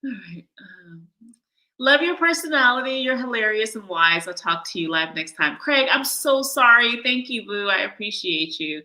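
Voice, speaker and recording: A woman talks casually to her live-stream viewers, answering their chat messages. Her voice is bright and sharp. She is brash and playful, swears freely and laughs a lot. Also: a little high, expressive, normal speed, poor audio. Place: living abroad, streaming live from home.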